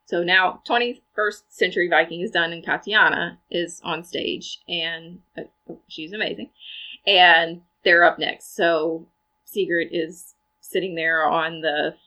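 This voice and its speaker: A woman co-hosting a casual podcast, retelling a film's plot in a chatty, animated way with side comments. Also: fairly low pitch, measured pace, low-quality recording. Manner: chatty, animated storytelling with asides. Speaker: podcast co-host recapping a film. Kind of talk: casual chat.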